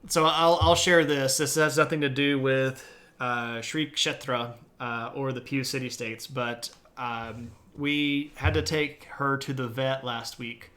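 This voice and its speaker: A man's voice: medium pitch, steady tone, takes it slowly, fairly bright tone. A man hosting a live-streamed history lecture from home, talking in a casual, chatty way with self-deprecating asides.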